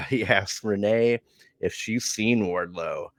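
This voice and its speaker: A man casually recapping a wrestling show on a podcast, relaxed, with frequent chuckles and filler words. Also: lowish voice, slow, vocal fry, no room sound, studio quality.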